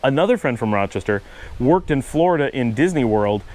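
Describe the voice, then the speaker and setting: On a rough recording, a middle-aged man with a Buffalo accent from Western New York, USA, hosts his channel with a casual explanatory monologue. He's patient, prone to asides and self-corrections, and sounds mid-range, animated, brisk and a little mellow.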